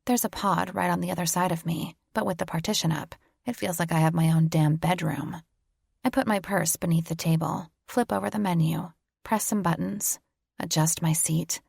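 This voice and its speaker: A woman's voice: lowish voice, fairly even intonation, moderate pace, creaky, a little mellow, breathy edge, no echo, clean studio sound. A woman narrating a first-person romance audiobook in a wry, confiding way, dropping to whispers for inner thoughts.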